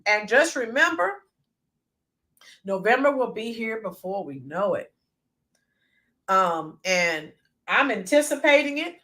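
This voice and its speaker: A woman's voice: fairly high pitch, very animated, slow pace, pauses often, a bit bright. A woman hosting a casual livestream, chatting with viewers and greeting them by name. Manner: chatty, reads out viewer names, bursts into sung snippets. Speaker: livestream host.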